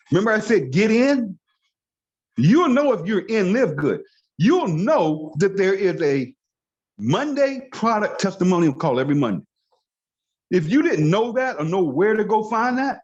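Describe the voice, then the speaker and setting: A man's voice: high voice, darkish tone. A man giving an emphatic, motivational training talk on a video call, repeating his key phrases to drive them home. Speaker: network marketing trainer. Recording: dull lo-fi call audio.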